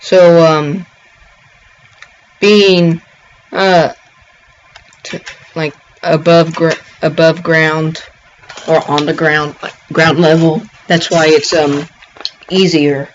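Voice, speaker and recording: A man giving a casual gameplay tutorial, rambling and halting, with frequent ums and restarts. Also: fairly high pitch, little pitch movement, a little hiss or hum. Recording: dull lo-fi home recording.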